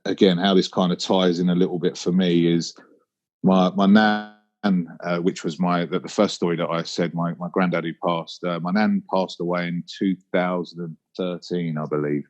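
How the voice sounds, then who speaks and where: His delivery is flat and moderately paced, the voice deep and darkish, the recording missing its highs. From London with a Cockney accent, he hosts a solo podcast, musing over personal stories in a laid-back monologue.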